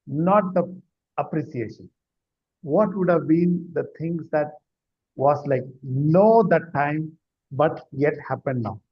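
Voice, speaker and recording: Husky man hosting, dull lo-fi sound. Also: on the high side, takes it slowly. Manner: affirming, frequent short agreements. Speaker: podcast host. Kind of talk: casual interview questions.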